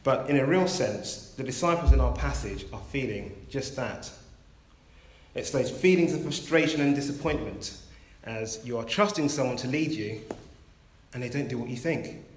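A man preaching a sermon, telling a story in a measured, gentle way. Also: mid-range voice, a little hiss or hum. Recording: roomy echo.

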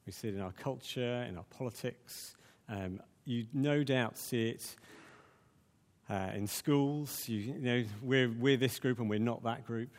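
A man's voice: mid-range voice, measured pace. Guy preaching, lots of ums and restarts, church echo. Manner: conversational, many fillers and restarts. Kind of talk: sermon.

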